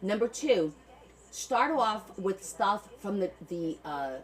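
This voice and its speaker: A woman's voice: mid-range voice, animated, slow, poor audio. A woman hosting a live online auction of her handmade journals, chatting affectionately with viewers, thanking them by name and often repeating words as she talks. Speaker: livestream seller of handmade journals. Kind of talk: casual live auction chat.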